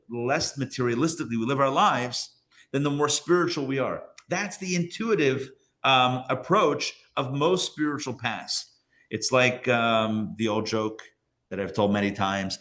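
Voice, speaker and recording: Male rabbi for a live class, mid-range voice, lively and emphatic, checks in with listeners often. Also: mid-range voice. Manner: repeats phrases for emphasis. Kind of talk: live lecture to an audience.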